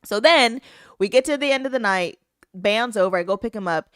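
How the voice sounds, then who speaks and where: A woman's voice: a little high, lively intonation, a little fast, no echo, studio quality. A woman co-hosting a podcast, telling a story in casual chat and acting out the voices of the people she quotes. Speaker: podcast co-host.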